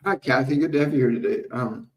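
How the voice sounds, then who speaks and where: A man answers viewer questions as a spiritual medium, talking in a calm, measured, repetitive way and now and then laughing softly. His voice carries a roomy echo. He sits some distance from the microphone. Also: mid-range voice. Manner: calm, slow, repetitive teaching with soft laughs. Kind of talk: live Q&A stream with guided meditation. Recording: roomy sound, distant from the mic.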